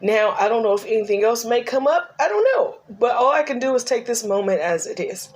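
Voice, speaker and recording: A woman's voice: a little high, a little fast. Middle-aged woman, unscripted talk to camera, earnest and encouraging, tearful at moments. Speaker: grief vlogger and ministry leader.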